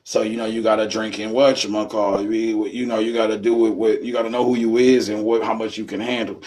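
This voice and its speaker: A man giving a rambling, profane live-stream lesson in streetwise slang, often acting out drunk people in a high yelling voice. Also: level tone, fast talker. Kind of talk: casual live-stream teaching.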